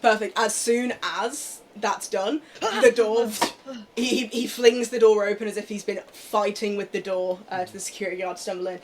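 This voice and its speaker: A woman player casually narrates what her character does in a tabletop game. Her pitch is middle, with faint noise behind. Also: steady tone, moderate pace. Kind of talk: tabletop role-play.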